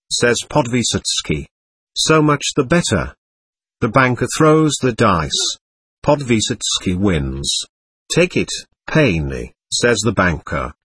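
A man's voice: medium pitch, big pitch swings, a little slow, a bit bright, breathy edge, no echo, exaggerated voice. A man reading a haughty male gambler who speaks formally and with stiff politeness, in a storybook reading. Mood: storytelling. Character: haughty Polish gambler, male, dealing cards.

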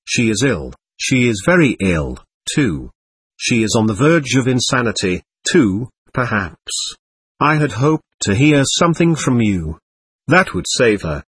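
A man reading a timid, grieved young man pleading with his brother, in a husky voice. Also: mid-range voice, sing-song, a little slow, fairly bright tone, dry recording, full character voice.

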